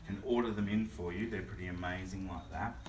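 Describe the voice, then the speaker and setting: A man, a children's author, chatting casually about favourite picture books with a relaxed, hesitant manner. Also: sits low, fairly quick. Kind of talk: casual book chat and read-aloud. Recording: roomy distant mic, faint hum.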